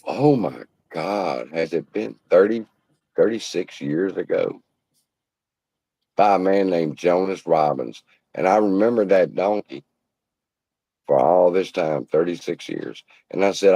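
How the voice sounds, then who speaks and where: A man's voice: deep voice, a little slow, vocal fry, dark tone, no echo, poor audio. A man hosting a casual livestream, telling a folksy parable in a profane, preacherly way from a room at home. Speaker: investing channel host. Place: hot room at home beside air conditioner.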